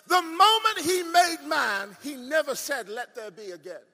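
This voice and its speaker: A male preacher with a high, bright voice booms a sermon through a hall. He swings from shouted declarations to low, drawn-out asides, asking the audience questions and leaning on repetition.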